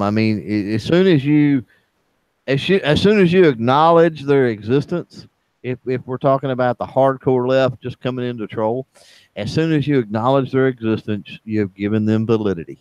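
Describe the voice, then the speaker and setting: A man co-hosting a casual online chat, speaking in a halting way with many fillers and restarts. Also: medium pitch, darkish tone, smooth, dry recording. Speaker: livestream chat co-host.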